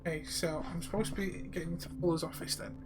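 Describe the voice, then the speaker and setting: A man's voice: fairly high pitch, fairly even intonation, quick pace, loud music behind the voice. Joking male game streamer. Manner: casual, jokey, addresses viewers. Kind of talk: live gameplay commentary.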